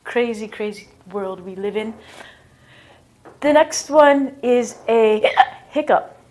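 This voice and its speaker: Playful slow-talking woman teaching English. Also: a little high, darkish tone. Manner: playful, self-mocking, acts out bodily noises. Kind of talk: casual English lesson.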